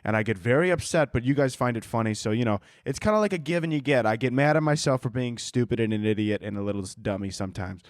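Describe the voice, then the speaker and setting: Speaking quickly with few pauses, a podcast host with a mid-range voice wanders through tangents in a casual, jokey, profane solo chat. He uses a handheld microphone, and the recording is dry and studio quality.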